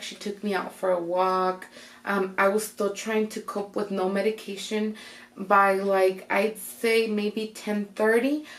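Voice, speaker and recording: A woman's voice: mid-range voice, roomy sound. A young woman, casually telling her birth story in a vlog, saying "like" a lot and quoting herself. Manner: chatty, heavy use of "like" and "I'm like" to quote herself. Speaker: vlogger.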